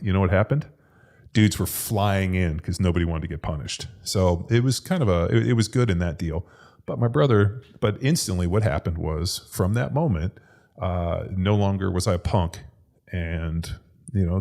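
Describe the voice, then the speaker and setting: Deep-voiced man telling a profane story. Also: gravelly, darkish tone. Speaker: podcast co-host, former NFL lineman. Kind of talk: casual storytelling chat.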